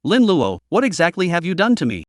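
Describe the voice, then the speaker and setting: Guy voicing a cocky hotheaded young knight, kinda high voice, dry sound. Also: wildly swooping pitch, a little fast, no echo. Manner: brash, shouting. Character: hot-tempered young male dragon knight, arrogant.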